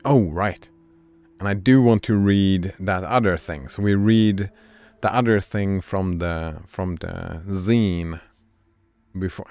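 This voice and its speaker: A man streams a puzzle game, talking casually and thinking aloud to his viewers. His voice is low with a gravelly edge. The sound is dry and close, with faint game music behind. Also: darkish tone, no echo. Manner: chatty, thinks aloud and talks to chat. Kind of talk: casual gameplay commentary.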